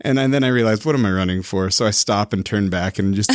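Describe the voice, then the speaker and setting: A man telling a casual story on a podcast. He talks haltingly, breaking into his own sentences and laughing at himself. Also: on the low side, no echo, studio quality. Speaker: podcast guest.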